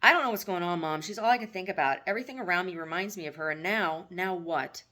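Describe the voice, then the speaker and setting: A woman's voice: lowish voice, fast talker, pushed and bright. A woman voicing a grown son, an anxious and lovesick young man, in an earnest, pleading way.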